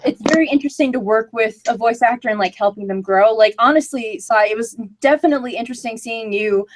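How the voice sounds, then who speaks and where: A chatty woman with a slightly high voice hosts a relaxed live-stream hangout. She talks loosely and keeps things casual, with plenty of fillers. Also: quick pace. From outside America. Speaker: host and voice director.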